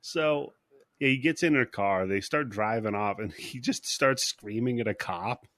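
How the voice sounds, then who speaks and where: A man's voice: mid-range voice, measured pace, a bit bright, dry recording, studio quality. A man hosting a podcast in casual chat, recapping a film scene by scene, laughing often and slipping into voices for the characters. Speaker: podcast host.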